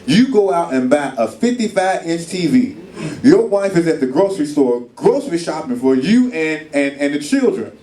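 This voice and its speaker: A man's voice: on the high side, sing-song, normal speed, warm tone. A man preaching at a marriage retreat, telling stories in a casual, colloquial way with acted voices. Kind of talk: sermon. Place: hall at a church retreat. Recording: echoey room, mic far off.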